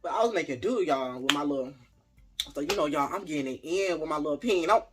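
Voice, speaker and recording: A man vlogging a casual storytime, talking straight to his viewers in a lively, chatty way. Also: fairly high pitch, fast, noisy background. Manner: animated, chatty, addresses viewers directly.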